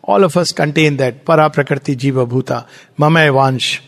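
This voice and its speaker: A man with an Indian English accent giving a spiritual lecture, animated and explanatory, posing rhetorical questions. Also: a little high, moderate pace, gravelly. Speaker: spiritual teacher. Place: lecture hall at a centre. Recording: long hall reverb.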